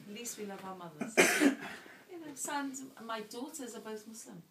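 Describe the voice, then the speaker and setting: Speaking with fairly high pitch and lively intonation at a moderate pace, a woman invited to a dinner gives a heartfelt, emotional personal talk. Crowd noise is audible in the indoor dinner hall, where a distant mic captures a roomy sound with faint ambience.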